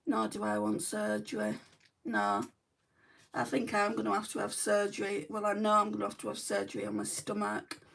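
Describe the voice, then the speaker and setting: Lancashire woman, chatty beauty streamer, gravelly fry in the voice, mic set a little far off. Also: medium pitch, animated, moderate pace, fairly bright tone. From Lancashire, England. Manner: rambling, candid, frequent ums and asides. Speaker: beauty vlogger. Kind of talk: chatty livestream makeup talk, reading viewer comments.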